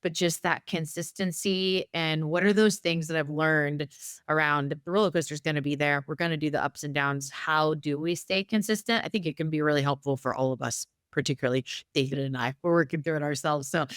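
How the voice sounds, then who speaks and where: A female podcast co-host with a low, smooth and resonant voice. She talks in an upbeat, reflective, easygoing way. The recording is dry and close. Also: fairly quick, no echo. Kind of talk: casual conversational podcast chat.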